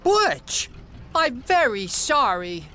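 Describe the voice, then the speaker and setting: A man's voice: very high voice, sing-song, very slow, bright, forceful tone, voice pushed up, heavily acted. A man voicing a kindly older male cartoon engine who is timid and easily frightened. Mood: fretful. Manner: nervous, fretful.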